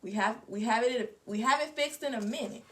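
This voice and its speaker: A woman voicing an older man in a storybook read-aloud, speaking in a steady, reassuring way. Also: a little high, normal speed, lightly acted. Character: older man, gruff then calming caretaker. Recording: distant mic.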